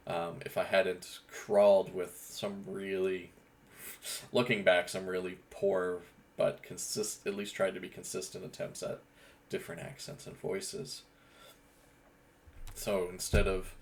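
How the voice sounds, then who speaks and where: Gravelly man. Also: low voice, level tone, unhurried. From Eastern Canada. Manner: rambling, with frequent restarts and fillers. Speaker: gaming channel host. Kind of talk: casual monologue.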